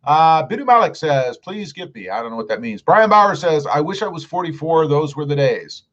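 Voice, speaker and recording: A man's voice: on the high side, lively intonation, moderate pace, a bit bright, highs cut off. A middle-aged man hosting a casual live stream, reading viewer comments aloud in a friendly, upbeat way.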